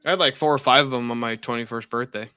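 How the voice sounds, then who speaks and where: A man's voice: mid-range voice, fast talker, pushed and bright, clear, resonant tone, dry recording. A young man in a heated casual debate, brash and swearing, rambling with restarts.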